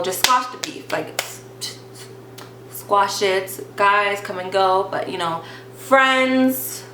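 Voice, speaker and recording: A young woman telling a storytime vlog in a chatty, animated way, leaning on "like" and bluntly swearing now and then. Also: medium pitch. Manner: chatty, animated retelling full of "like" and acted quotes. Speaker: vlogger. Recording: roomy echo with faint hum.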